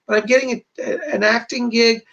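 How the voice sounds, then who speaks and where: A man's voice: very high-pitched, fairly even intonation, fairly quick, a bit bright, lo-fi sound. A man hosting a livestream, chatting casually as he reads viewers' messages aloud and gives psychic readings. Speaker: psychic medium host.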